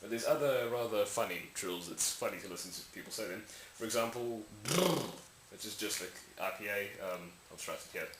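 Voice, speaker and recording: Speaking quickly with hardly any pauses, a man with a lowish voice rambles through a casual lesson on speech sounds. He's a language tutorial maker who demonstrates each sound out loud and corrects himself along the way. The room echoes, with a faint hiss.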